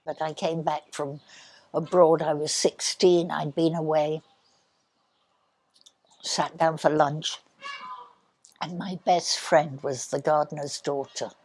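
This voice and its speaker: An older woman telling childhood stories in an interview, speaking softly and sometimes dropping to a near whisper. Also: low voice, steady tone. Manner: soft, unhurried, drops to a near whisper. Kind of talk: reminiscing storytelling.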